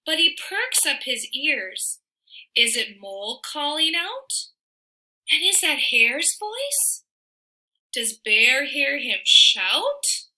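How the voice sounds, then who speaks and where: A woman reading a children's picture book aloud in an expressive, sing-song way, with soft asides to the listener. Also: sits high, low-quality recording. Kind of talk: read-aloud storytelling for children.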